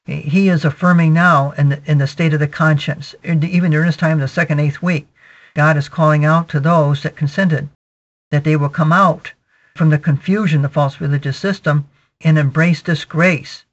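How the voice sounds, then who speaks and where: Male preacher, slightly high voice, steady teaching cadence, repeats "okay" a lot; muffled lo-fi recording. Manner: measured teaching, peppered with "okay" and repetitions. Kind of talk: sermon, verse-by-verse Bible exposition. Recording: dull lo-fi recording.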